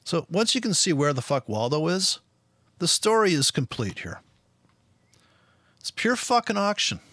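A man's voice: fairly high pitch, big pitch swings, measured pace, a bit bright, dry recording. A man ranting bluntly over his trading charts, swearing nonstop and laughing at his own jokes. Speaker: forex trader streaming his charts. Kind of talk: profane ranting commentary.

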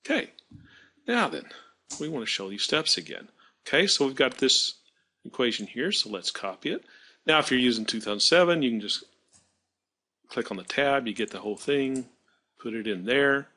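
A man teaching math, talking through a screen-recorded software demonstration and correcting his slips aloud as he works. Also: medium pitch, animated, normal speed, pauses often, slight background noise. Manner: thinking aloud while working, self-correcting.

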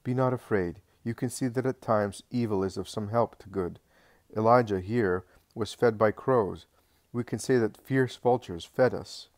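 Man voicing a patient gentle teacher, low voice, dry close sound, measured and reassuring. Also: dry recording, natural voice. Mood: gently instructive. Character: Jesus, calm gentle adult male teacher. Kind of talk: audiobook reading of a religious text.

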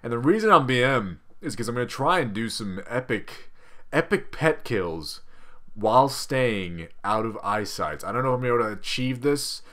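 Foul-mouthed man narrating his gameplay, bright voice. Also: mid-range voice, normal speed. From Australia. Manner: excitable, swears constantly, yells at game characters. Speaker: gaming video host. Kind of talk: profane gameplay commentary.

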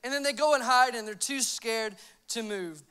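Young guy pastor, really high voice, bright and sharp, animated story sermon. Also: moderate pace, clear, resonant tone.

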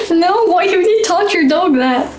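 A woman's voice: extremely high pitch, roomy sound. A woman streamer reacting to videos in casual, giggly commentary, often exclaiming and laughing.

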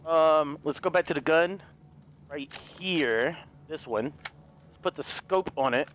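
A man doing let's play commentary, excitable, talking to his viewers, yelping and swearing as he plays. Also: a little high, measured pace, slight background noise. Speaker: gaming youtuber.

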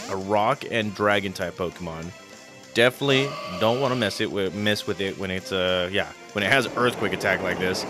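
A man narrating his video game playthrough in a chatty, excitable way, tripping over words and restarting often. His voice is fairly low in pitch but carries a bright, forceful edge. Faint music plays underneath. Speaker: let's play commentator.

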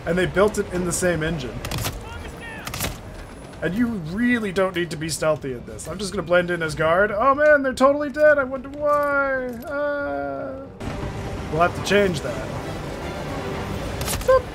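A man giving casual let's-play commentary, excitable and jokey, swearing and laughing often. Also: sits high, measured pace, pauses often, noisy background. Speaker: gameplay streamer. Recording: faint game music behind.

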